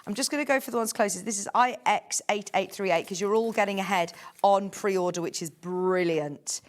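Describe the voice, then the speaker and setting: Speaking fairly quickly in a mid-range voice, a woman hosts a live home shopping broadcast. She's chatty and effusive while reading off prices and product codes in her TV sales pitch.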